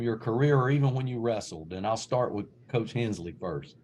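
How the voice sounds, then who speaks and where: A man's voice: mid-range voice, animated, fairly quick, darkish tone. A man hosting an interview, thanking his guests and asking questions in a friendly, casual way. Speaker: interview host. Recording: faint background noise.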